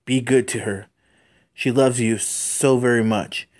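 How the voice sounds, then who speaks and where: A dying old police captain, fatherly and gentle, speaking slow, soft words, as a man reads him from a comic. The voice stays close to a plain reader's tone. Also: medium pitch, fairly even intonation, lightly acted. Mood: tender.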